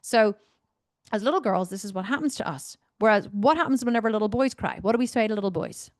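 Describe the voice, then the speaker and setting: A woman's voice: mid-range voice, fast, no room sound, clean studio sound. A woman coach, talking bluntly and animatedly to members, swearing now and then and wandering off on tangents. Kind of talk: Q&A talk to members.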